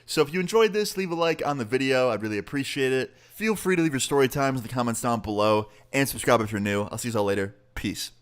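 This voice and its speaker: Brief: young male vlogger, mid-pitched, casual profane story narration. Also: quick pace, hardly any pauses, clear, resonant tone. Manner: profane, animated, quotes people with pitch jumps.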